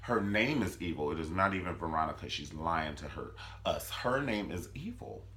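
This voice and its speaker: A man's voice: deep voice, very animated, moderate pace, sharp tone. A man recapping a TV show for a comedic vlog, sassy, gossipy and dramatic. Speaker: TV show reviewer.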